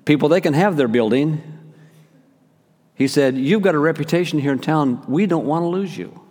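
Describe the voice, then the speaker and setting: A pastor telling a personal story in a sermon, acting out each quoted exchange. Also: male voice, medium pitch. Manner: animated storyteller, acts out quoted dialogue. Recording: long reverb of a large hall.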